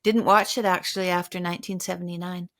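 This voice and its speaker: A woman's voice: fairly low pitch, flat delivery, quick pace, fairly bright tone. An older woman hosting a podcast interview, reflective and sharing personal stories. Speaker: podcast host. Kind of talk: conversational interview.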